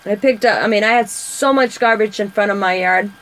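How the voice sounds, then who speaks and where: Rambling and chatty, she tells stories as she colors for her craft vlog. The woman's voice sits at medium pitch and moves fairly quickly, captured on a rough recording.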